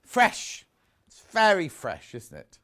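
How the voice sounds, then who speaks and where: A man's voice: sits high, huge pitch swings, slow, fairly bright tone. A man presenting fabrics on a live shopping channel, chatty and gushing, stopping often to correct himself. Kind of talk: live TV sales pitch.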